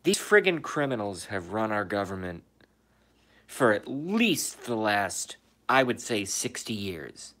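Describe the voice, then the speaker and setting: A man's voice: fairly low pitch, big pitch swings, slow pace, a bit bright. A man hosting a casual livestream, reading viewer comments aloud and answering them, swearing and asking emphatic rhetorical questions from indoors. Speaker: livestream host reading chat. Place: indoors, in his room.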